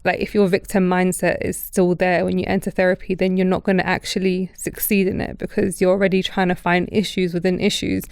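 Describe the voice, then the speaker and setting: A woman's voice: fairly low pitch, a little fast, creaky, few pauses, clean tone, no echo, clean studio sound. A woman, hosting a podcast and telling her own story candidly, acting out the people in it. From Britain. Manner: candid, animated storytelling with quoted voices. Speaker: podcast host. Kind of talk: casual chat.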